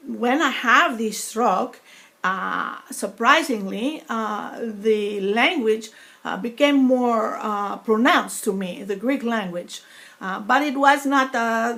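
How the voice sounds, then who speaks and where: A woman with a foreign-sounding accent, talking in a personal vlog in a halting way, with many pauses and fillers. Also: on the high side, vocal fry, a bit bright. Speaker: vlogger.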